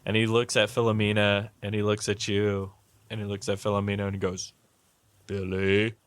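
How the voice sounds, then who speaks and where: A man's voice: fairly low pitch, monotone, brisk, smooth, no room sound. A man narrating as game master in a loose, rambling way. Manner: loose, rambling, many fillers and restarts.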